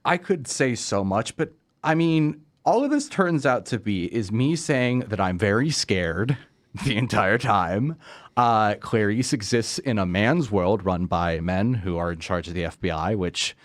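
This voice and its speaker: Sarcastic young man, low voice. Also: lively intonation, a little slow, dry recording. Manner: sarcastic, laughs often. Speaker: podcast host. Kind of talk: casual movie review chat.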